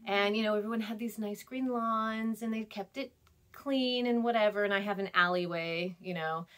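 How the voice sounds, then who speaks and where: A woman's voice: medium pitch, moderate pace, fairly bright tone. Woman in her 30s doing a recorded class lecture, rambly and chatty, lots of ums and laughs, acts out quotes. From California, US. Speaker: instructor.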